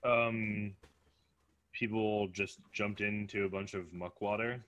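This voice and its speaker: A man's voice: fairly low pitch, steady tone, slow, a bit bright, highs cut off. A man playing a tabletop game, asking hesitant questions about the scene over a voice call. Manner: hesitant, inquisitive. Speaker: player.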